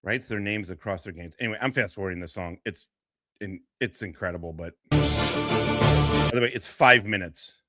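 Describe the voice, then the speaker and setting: A man's voice: low-pitched, brisk, long pauses, bright, forceful tone, soft background music. A man doing rambling, profane reaction commentary as a streamer, laughing often and jumping between thoughts.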